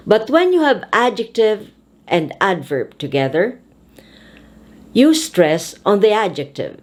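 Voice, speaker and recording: A woman speech teacher giving a pronunciation lesson, saying each phrase slowly and deliberately and repeating it twice. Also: medium pitch, sing-song, a little mellow.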